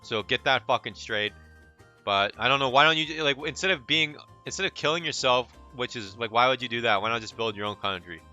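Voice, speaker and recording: A man's voice: medium pitch, a little fast, sharp tone, dull audio, faint music behind. A man giving casual ranting commentary in a blunt, profane way, often restarting his sentences. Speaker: commentary channel host.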